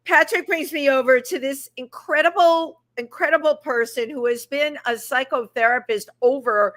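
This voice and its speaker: A woman hosts a live talk show with a high, bright voice. She tells her stories in an animated, effusive way and keeps the chat moving. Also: moderate pace. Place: restaurant.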